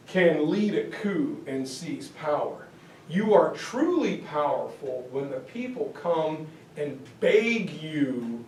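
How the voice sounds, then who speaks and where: A man teaching a history class in a jokey, theatrical way, now and then bursting into shouts, recorded from a distance in a classroom. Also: on the high side. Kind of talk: animated history lecture with acted-out voices. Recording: echoey room from a far mic, faint noise.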